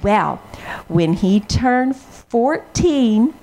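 A woman telling a children's story in an expressive, dramatic way, gasping and pausing for effect. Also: fairly high pitch, a little hiss or hum.

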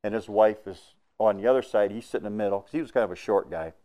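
A man who drives a truck, telling a personal faith testimony in a folksy way with plain, nonstandard grammar. His voice climbs and gets loud at the exciting moments. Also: fast. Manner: grows loud and excited at the high points.

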